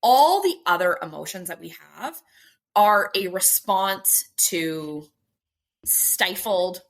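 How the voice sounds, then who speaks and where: A woman's voice: fairly low pitch, slow. A woman guest on a podcast, explaining her ideas emphatically and acting out the voices in people's heads. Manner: animated, acts out inner voices, emphatic. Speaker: guest, stress coach. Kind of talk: explaining in an interview.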